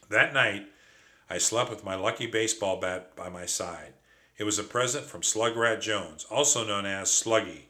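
A man narrating a children's storybook aloud in an expressive, animated way. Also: lowish voice.

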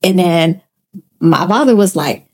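A woman's voice: lowish voice, expressive, a little slow, no echo, studio quality. A woman speaking earnestly in a casual group discussion. She laughs easily as she talks. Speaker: podcast co-host.

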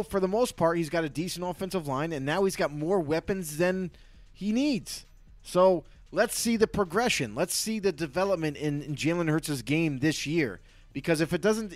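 A man's voice: a little high, no room sound. A man co-hosting a sports talk show, speaking loosely and conversationally, often repeating himself. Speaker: sports podcast co-host.

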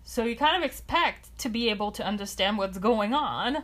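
A woman's voice: a little high, expressive, normal speed, fairly bright tone. A woman co-hosting a podcast in casual chat, rambling and hesitant as she works out her thoughts. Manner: rambling, hesitant, fillers and restarts. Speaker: podcast co-host.

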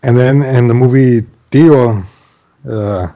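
A man's voice: medium pitch, slow, dark tone, no echo. A man chatting casually as a podcast co-host, easygoing and a bit unsure, trailing off. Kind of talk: casual chat. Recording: dull, lo-fi mic.

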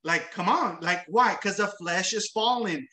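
After reading scripture aloud, a man with a high, bright, forceful voice preaches a little slowly and conversationally. He repeats words and frequently adds tag questions, and the recording has a roomy echo.

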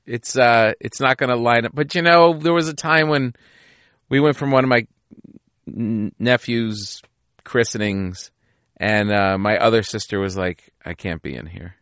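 A man's voice: mid-range voice, a little slow, fairly bright tone, clear, resonant tone, no echo, studio quality. A man chatting as a guest on a casual podcast, easygoing and agreeable as he tells family stories. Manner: laid-back, easygoing, lots of agreeing.

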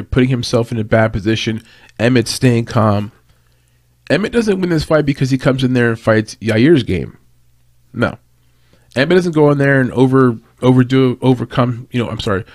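A man's voice: mid-range voice, no room sound, clean studio sound. A man giving a casual, rambling breakdown of an upcoming fight, with restarts and tangents as he talks it through. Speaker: fight analyst.

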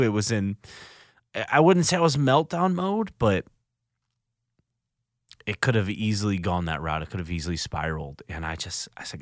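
Earnest deep-voiced man, dry studio sound. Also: animated, dry recording. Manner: earnest, halting with frequent restarts. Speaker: podcast host. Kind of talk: reflective solo podcast monologue. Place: recording studio.

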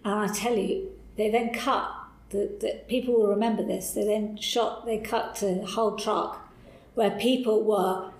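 A middle-aged woman, a podcast guest, telling candid stories in an animated, enthusiastic way. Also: mid-range voice, unhurried. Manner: animated and enthusiastic, acts out quoted voices. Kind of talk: candid anecdotal storytelling. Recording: roomy echo.

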